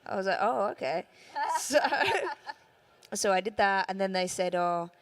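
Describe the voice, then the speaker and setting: A woman's voice: medium pitch, lively intonation, measured pace. A woman with a London accent, a voice actress on a conference panel, telling stories chattily and laughing often. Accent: London English. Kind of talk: casual panel chat.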